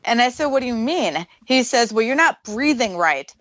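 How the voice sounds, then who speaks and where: A woman tells her story on a talk show in a slightly high voice. She acts out the people she quotes. The sound is dry and a touch muffled. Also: expressive, moderate pace, fairly bright tone, no echo. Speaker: guest paranormal investigator. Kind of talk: casual storytelling on a radio show.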